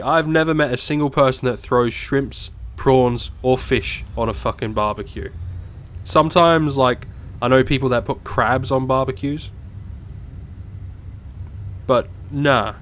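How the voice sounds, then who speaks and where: A man's voice: medium pitch, a bit bright. An Australian man with a cold, rambling and swearing constantly as he chats casually over his gameplay. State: has a cold. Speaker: gameplay commentator.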